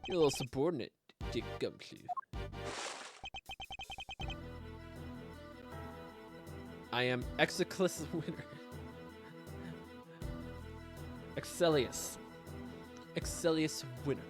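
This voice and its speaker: A man voicing a sentimental elderly former chief prosecutor, talking lower and slower in a grandfatherly way, with game music behind. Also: lively intonation, close to an everyday voice. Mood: smooth. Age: older.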